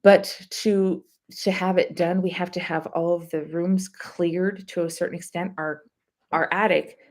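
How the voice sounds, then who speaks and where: A woman's voice: lowish voice, steady tone, measured pace, darkish tone. A woman hosting a casual live stream, rambling chattily and answering viewer comments as she talks.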